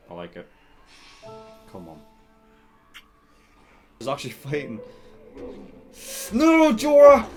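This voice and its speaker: A man giving live reaction commentary, swearing often and crying out in excitement. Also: mid-range voice. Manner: swears a lot, cries out in excitement. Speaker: video reactor.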